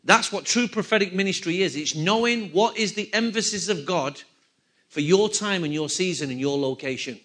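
High, bright-voiced male preacher. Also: moderate pace. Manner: animated preaching, repeats key phrases, asks the congregation questions. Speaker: pastor. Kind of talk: sermon.

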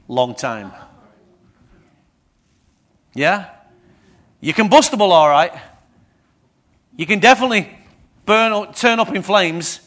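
A man delivers a sermon in a high, lifted voice. He keeps checking in with the congregation, throwing questions at them as he preaches. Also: animated, slow pace, long pauses, a bit bright.

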